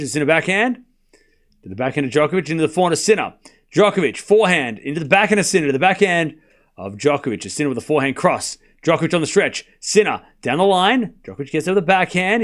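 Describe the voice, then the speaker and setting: A man streaming a tennis watchalong, calling every shot in rapid play-by-play and bantering teasingly with his chat. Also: a little high. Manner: rapid rally calling, bursts into excited shouting on big points. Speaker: live tennis watchalong commentator. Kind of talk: live stream play-by-play commentary.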